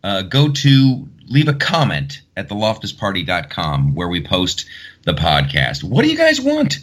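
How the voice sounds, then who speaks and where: A man's voice: sits low, huge pitch swings, measured pace. A man hosting his podcast, talking casually and rambling aloud as he thinks, often restarting sentences. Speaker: podcast host. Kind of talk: casual solo podcast talk.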